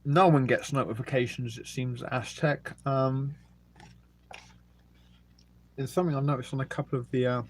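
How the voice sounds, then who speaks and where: A man's voice: mid-range voice, fairly even intonation, normal speed, pauses often, husky. A middle-aged man with an English accent, casually hosting a live stream, reading out viewer comments and rambling between jokes and filler words while he eats. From England. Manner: rambling and jokey, with many ums, eating and burping between remarks. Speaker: livestream host.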